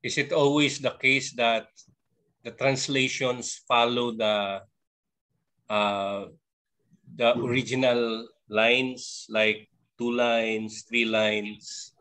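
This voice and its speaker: A man taking part in a class as a student, asking questions in a hesitant, halting way. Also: mid-range voice, level tone, pushed and bright.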